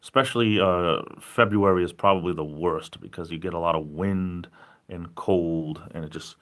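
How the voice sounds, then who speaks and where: A man's voice: deep voice, moderate pace, a bit bright. A tired man with a Rhode Island accent, chatting casually on a livestream, rambling and upbeat with frequent laughs. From New England. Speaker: livestream host. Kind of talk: casual livestream chat reading viewer comments.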